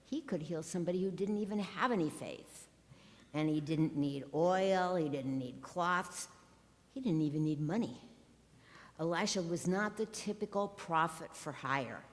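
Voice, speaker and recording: A woman's voice: fairly low pitch, unhurried. A woman pastor preaching a sermon from the pulpit, with wry, sarcastic asides. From Ohio. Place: church sanctuary. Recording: long church reverb.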